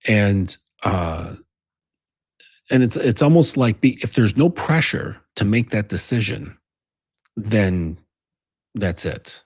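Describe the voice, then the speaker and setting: A man's voice: fairly low pitch, animated, slow, long pauses, breathy edge, dry recording, studio quality. A man delivering a rambling, profane monologue as a men's coach. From United States. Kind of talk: casual monologue.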